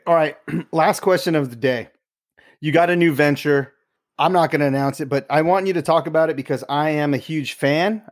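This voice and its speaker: A man hosting a casual interview, joking and swearing freely as he asks his guest questions. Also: on the high side. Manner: profane, joking. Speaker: host.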